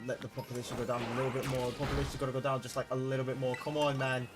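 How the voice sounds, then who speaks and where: A man's voice: medium pitch, flat delivery, very fast. A young man streaming a game live, talking to his chat and repeating himself as he gets worked up. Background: background music.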